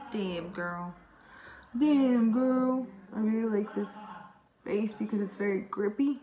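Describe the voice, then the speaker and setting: A woman's voice: mid-range voice, low-quality recording. A young woman chatting casually through a makeup tutorial, rambling and talking to herself as she works. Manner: chatty, rambling, talks to herself while working. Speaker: beauty vlogger.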